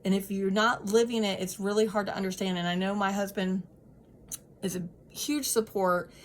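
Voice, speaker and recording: A woman's voice: medium pitch, fairly even intonation, moderate pace, a little hiss or hum. Woman in her 30s chatting to camera, earnest, lots of ums, medium voice. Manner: earnest, heartfelt, many ums and restarts. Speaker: vlogger sharing personal experience. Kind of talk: casual advice chat to camera.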